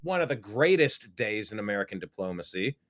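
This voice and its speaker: A man's voice: on the low side, big pitch swings, brisk, a bit bright. A man hosting a political commentary show, talking in a sarcastic, mocking way. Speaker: host.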